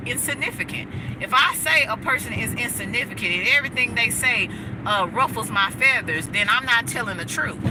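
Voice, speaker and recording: A woman's voice: fairly high pitch, noisy background. An outspoken woman, chatting to her livestream viewers while she drives. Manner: outspoken, emphatic, talks to her chat. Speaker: livestream host. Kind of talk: casual motivational livestream chat. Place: inside a car while driving.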